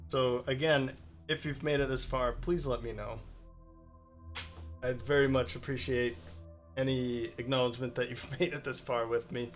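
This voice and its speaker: A man in a relaxed, thinking-aloud mode, narrating his game decisions in casual commentary and pausing often on ums. His voice sits at an ordinary middle pitch, with faint music playing under it. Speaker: let's play host.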